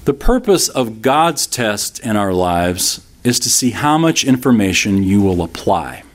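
Fifty-something pastor, easygoing sermon. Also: male voice, lowish voice, sing-song, unhurried. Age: 50s. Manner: conversational, humorous storytelling with laughs from the congregation.

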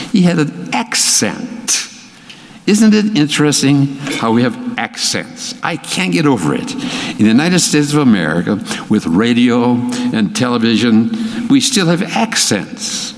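A man with a Minnesota accent teaching a Bible study, emphatic and animated, his voice jumping in pitch for emphasis. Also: moderate pace, big-room sound.

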